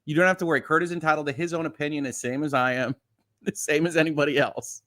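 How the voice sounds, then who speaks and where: A man's voice: fairly high pitch, steady tone, quick pace, pushed and bright. Chatty, reassuring male livestream host. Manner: reassuring, chatty, laughs often. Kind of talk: casual livestream chat.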